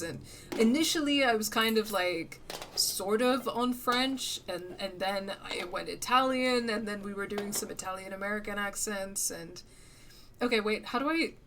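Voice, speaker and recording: Woman streamer, chatty, quick to laugh, mutters at the game, mid-pitched, faint hiss behind. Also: a bit bright. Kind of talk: casual live game-streaming chat. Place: lives in the UK.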